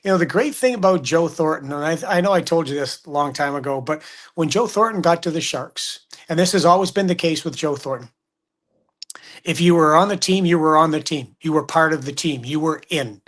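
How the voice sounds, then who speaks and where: A middle-aged man talks hockey in a relaxed, chatty way. His voice sits a bit high for a man, and he slips into quoted voices as he tells his stories. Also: fairly quick. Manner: animated storyteller, acts out quotes. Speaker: hockey broadcaster guest. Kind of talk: casual sports chat.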